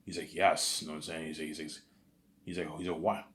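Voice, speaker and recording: A man telling a made-up story in a rambling, casual way, stammering and repeating himself, with bursts of excited asides. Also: extremely low pitch, quick pace. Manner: repetitive and stammering, with constant "you know what I'm saying" fillers. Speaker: storyteller pitching a film idea.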